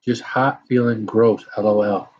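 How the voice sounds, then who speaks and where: This is a middle-aged American man on a casual live stream, talking with viewers while chili burn has him sighing and blowing out breaths. His voice is lowish, steady, unhurried, and a little mellow, and the sound is lo-fi.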